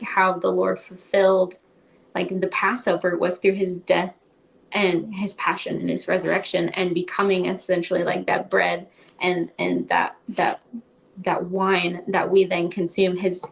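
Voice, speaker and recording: A woman's voice: lowish voice, level tone, a little slow, creaky. A young woman, a podcast guest, telling her story in a casual interview. She talks in a chatty way, fills her speech with "like" and often laughs.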